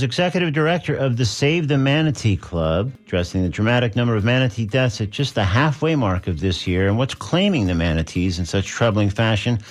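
A man hosting a radio talk show, introducing segments and interviewing guests in a plainspoken, easygoing way. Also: medium pitch.

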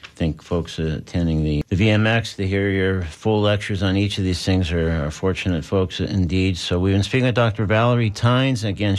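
Male radio host, lowish voice, easygoing and plainspoken, steady interview manner.

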